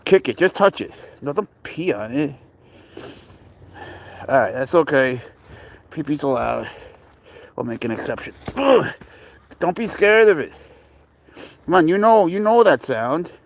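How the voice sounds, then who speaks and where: Young man, from Spain, casual pet-owner chatter, cheering and coaxing, slightly high voice, unhurried delivery. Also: very animated. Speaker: pet owner filming his cat.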